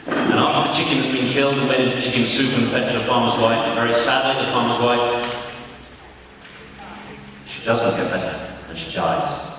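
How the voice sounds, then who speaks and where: A man with a British accent giving a formal public speech as a diplomat, relaxed and anecdotal, with a touch of humour. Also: medium pitch, normal speed. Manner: relaxed, anecdotal, warmly humorous storytelling. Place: large conference hall. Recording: echoey hall, distant mic, background noise.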